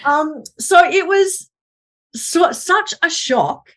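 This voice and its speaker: A woman in her forties, a podcast guest talking candidly over a video call, animated and self-mocking as she tells her story. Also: very high-pitched, very slow. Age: 40s. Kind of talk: candid conversational interview.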